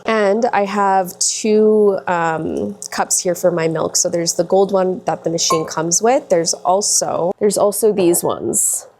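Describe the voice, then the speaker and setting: Chatty gushing woman with a gravelly low voice. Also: slow pace, hardly any pauses, mellow. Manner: chatty, gushing, many likes and ums. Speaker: lifestyle vlogger. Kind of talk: casual chat.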